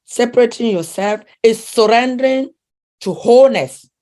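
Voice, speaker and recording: Accented lady coach, kinda high voice, earnest, repeats stuff, hunts for words in an interview. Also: moderate pace, warm tone. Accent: non-native English accent. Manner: earnest, emphatic, repeats phrases and searches for words. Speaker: relationship coach, guest. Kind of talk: interview conversation.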